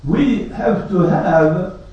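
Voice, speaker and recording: A high-voiced man preaching a sermon, with very slow, deliberate pacing and a string of rhetorical questions. He sounds distant in a strongly echoing hall. The recording is dull and lo-fi. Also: expressive, warm tone. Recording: echoey hall, distant lo-fi mic.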